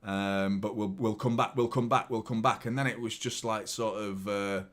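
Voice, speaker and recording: A man's voice: on the low side, normal speed. A young man hosting a live football watchalong, rambling and swearing as he reacts to the match and chats to viewers. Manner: swearing, excitable, rambling with repeated words.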